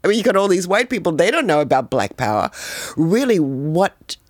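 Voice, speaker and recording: A woman's voice: on the low side, sing-song, fairly quick, no room sound, studio quality. An older woman from New York, telling her own stories in an interview and acting out the voices in them. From New York, USA. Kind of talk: storytelling interview.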